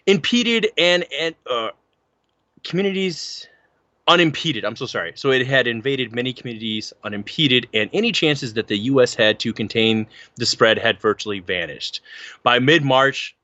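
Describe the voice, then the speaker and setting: A man's voice: medium pitch, dry recording, dull audio. A man co-hosting a casual podcast, chatting and reading articles aloud, tripping over words as he goes. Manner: animated, stumbles over words while reading. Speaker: podcast co-host.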